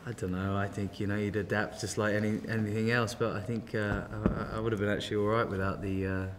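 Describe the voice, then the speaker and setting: Male actor, lower voice, rambling easygoing delivery, reverberant room. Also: level tone, quick pace, background noise. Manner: rambling, many fillers, easygoing. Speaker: actor guest. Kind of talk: casual interview chat.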